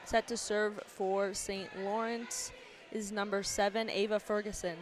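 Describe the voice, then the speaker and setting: A woman's voice: medium pitch, little pitch movement, measured pace. A woman calling a volleyball game play by play, naming each server and point as it happens. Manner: plain, calls serves and points by player number and name. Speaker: play-by-play commentator. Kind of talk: live volleyball commentary. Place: indoor gym. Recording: commentary over loud gym crowd and noise.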